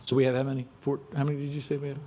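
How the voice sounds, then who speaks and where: A man's voice: medium pitch, little pitch movement, rapid-fire, warm tone, slight background noise. A man chairing a county work session, moving through agenda items procedurally. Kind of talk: meeting discussion.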